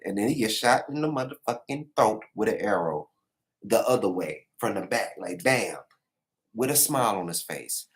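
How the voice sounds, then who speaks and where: A man recapping manga chapters in a casual live reaction, animated and profane, acting out the characters' lines. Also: on the low side, brisk. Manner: animated, acts out the characters' lines in raised voices, swears freely. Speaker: manga reviewer.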